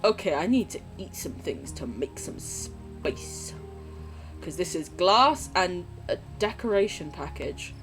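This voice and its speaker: A woman's voice: lowish voice, animated, slow, soft background music. A woman live streamer chatting casually with her viewers while gaming, swearing freely and gushing affection.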